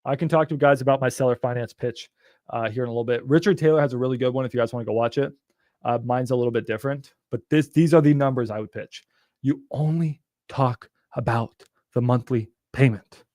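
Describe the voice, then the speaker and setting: A man's voice: mid-range voice, a little fast, dry recording. Hyped guy rambling thru a live stream lesson, cursing, dry close sound. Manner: energetic, swearing, rambling. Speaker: real estate investor teaching on a live stream.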